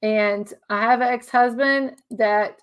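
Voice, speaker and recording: A woman with a slightly high voice speaks in a loose, heartfelt monologue. She often breaks off, restarts sentences and repeats herself for emphasis. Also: fairly even intonation, slow, smooth. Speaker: speaker sharing religious views. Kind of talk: casual emotional monologue.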